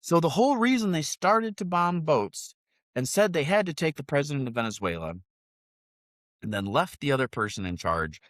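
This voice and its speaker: A man's voice: fairly high pitch, sing-song, moderate pace, dry recording, clean studio sound. A man co-hosting a podcast, ranting profanely and mocking people with sarcastic voices, his sinuses stuffed and sniffling. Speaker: podcast co-host. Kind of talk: profane political rant. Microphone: separate remote mic.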